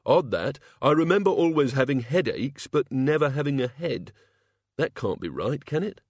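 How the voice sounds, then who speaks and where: A man's voice: medium pitch, expressive, moderate pace, no echo, clean studio sound, pitched above the performer's own voice, natural voice. A man voicing a mild, bewildered male god of hangovers, vague and politely hesitant in an audiobook.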